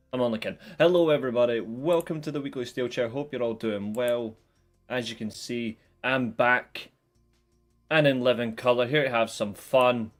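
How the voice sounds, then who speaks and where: A man hosting a wrestling review livestream, chatting casually and jokingly with viewers, greeting them by name. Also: mid-range voice. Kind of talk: casual live chat to viewers.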